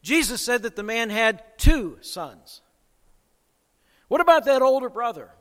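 A man preaching a sermon with dramatic swings in loudness and pace. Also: very high voice, sing-song, unhurried. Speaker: pastor. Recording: long hall reverb.

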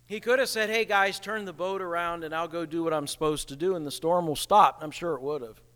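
Male pastor, animated sermon, high pitch, reverberant hall. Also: brisk. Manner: animated, acts out quoted voices, chuckles at the irony.

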